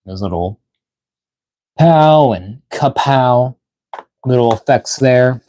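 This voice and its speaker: This toy unboxing streamer has a mid-range, mellow voice and lively intonation, and he takes things slowly. He's worn out, yawning and short of breath as he rambles through fillers and reads out chat messages, with slight background noise behind him.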